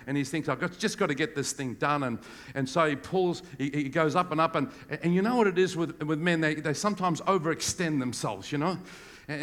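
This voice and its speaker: A male preacher giving an animated sermon, acting out the voices of people in his stories. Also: fairly high pitch. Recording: reverberant hall.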